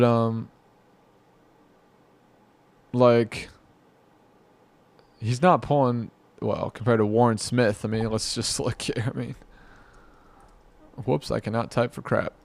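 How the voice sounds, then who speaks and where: A man's voice: medium pitch, gravelly, darkish tone, no room sound. A man giving rambling, exasperated reaction commentary, muttering to himself and mocking what he watches. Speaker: commentary vlogger.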